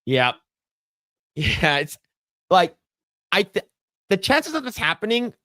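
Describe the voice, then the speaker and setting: Animated, profane man on a dry close mic. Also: slow pace, dry recording. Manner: animated, profane, loud jumps into high pitch when acting out reactions. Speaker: podcast co-host. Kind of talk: casual chat.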